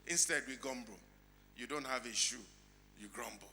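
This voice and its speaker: A middle-aged Nigerian man preaching a sermon as pastor, dropping to quiet asides and then shouting lines out. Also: moderate pace. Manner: animated preaching, swinging between low asides and shouted lines.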